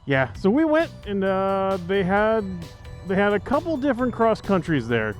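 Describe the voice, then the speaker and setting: A man's voice: high-pitched, wildly swooping pitch, normal speed, faint music behind. A man chatting casually while riding a motorcycle outdoors, joking and rambling with lots of fillers, into a helmet mic. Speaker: motovlogger.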